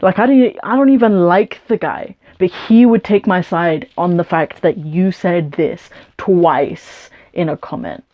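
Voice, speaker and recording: A woman's voice: fairly low pitch, measured pace, few pauses, dark tone. A young woman from England vlogging a storytime rant, blunt and combative, swearing often as she answers a hostile comment.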